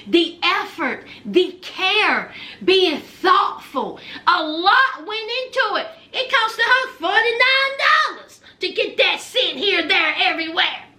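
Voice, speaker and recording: A woman's voice: extremely high pitch, sharp tone. A woman recaps reality TV in a sassy, dramatic casual vlog. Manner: sassy, dramatic, calls viewers honey. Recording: echoey room.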